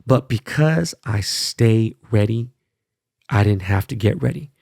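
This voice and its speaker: A man's voice: fairly low pitch, a little slow, gravelly, a little mellow, no room sound, studio quality. A man hosting his own podcast, talking bluntly and profanely in a fired-up casual monologue, often tagging lines with "right?" and "okay?". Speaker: podcast host.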